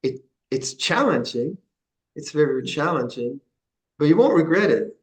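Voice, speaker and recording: Older male monk teacher, fairly high-pitched, frank and chatty, repeats key phrases when answering questions in a Dhamma session. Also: expressive, normal speed, poor audio.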